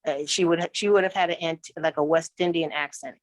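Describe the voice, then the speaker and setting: A woman answering questions at a spiritual reading, speaking haltingly with repeated restarts. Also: low-pitched, fairly even intonation, dry recording. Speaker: client at a psychic reading. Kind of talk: casual conversation.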